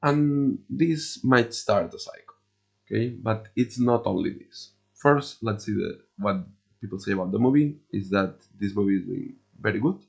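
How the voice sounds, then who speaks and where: A man hosting an investing video, losing his voice a bit, explaining charts in a halting, casual way with many restarts and fillers. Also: lowish voice, gravelly.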